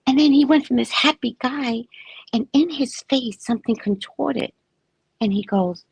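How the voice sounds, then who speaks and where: Husky-voiced woman telling a chatty story. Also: high voice, normal speed, no echo, highs cut off. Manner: chatty, animated, acts out quoted people. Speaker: psychic reader. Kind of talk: casual storytelling.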